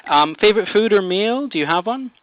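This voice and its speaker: Animated male interviewer, dull line. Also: high-pitched, brisk, no echo. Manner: friendly, laughs often, stumbles on question starts. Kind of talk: casual interview. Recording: phone-quality interview audio, dry.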